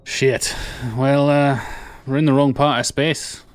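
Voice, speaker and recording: A man's voice: medium pitch, flat delivery, slow pace, smooth. A man playing a tabletop game, speaking bluntly and swearing casually. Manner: blunt and profane. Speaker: player. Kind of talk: casual in-character play.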